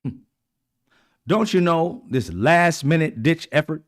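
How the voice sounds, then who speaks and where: A man hosting his own channel, talking in a casual, blunt monologue with frequent swearing and repeated throat clearing. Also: fairly high pitch, expressive, slow pace. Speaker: channel host.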